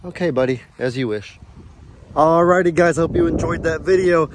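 A man's voice: a little high, normal speed. Chatty man vlogging outdoors on a farm. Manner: chatty, rambling, softly coaxes his animals. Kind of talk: casual vlog. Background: light wind outdoors.

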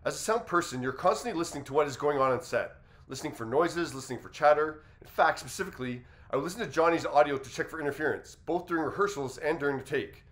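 A man hosting an entertainment news commentary, reasoning aloud in a measured way as he weighs a story. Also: fairly high pitch, fairly bright tone. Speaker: commentary host.

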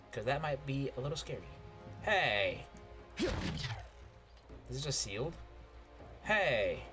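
A man giving casual, jokey let's play commentary, exclaiming at the action. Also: medium pitch. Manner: excitable, jokey, yelps at hits. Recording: game music loud behind voice.

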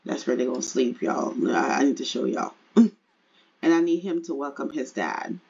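A woman's voice: a bass voice, big pitch swings, normal speed, gravelly, a little mellow, breathy edge, muffled recording. A woman narrating a life-sim game in casual, chatty commentary to her viewers, laughing often. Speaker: game streamer.

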